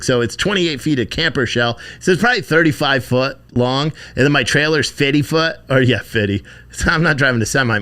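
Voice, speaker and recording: Male streamer, bright forceful voice, loose profane chat with viewers, rambling and offhand. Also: medium pitch. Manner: profane, rambling, thanks donors by name. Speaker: livestream host.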